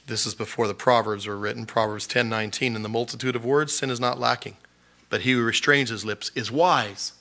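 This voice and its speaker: A man's voice: mid-range voice, fairly even intonation, fairly quick, sharp tone. A man preaching a sermon in a conversational way, laughing often and acting out voices. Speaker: pastor. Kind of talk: sermon teaching.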